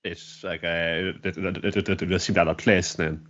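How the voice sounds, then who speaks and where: A man's voice: low voice, level tone, moderate pace, dull audio. A man co-hosting a podcast, chatting casually and rambling with lots of restarts. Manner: rambling, restarts and repeats words while thinking. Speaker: podcast co-host. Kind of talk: casual chat.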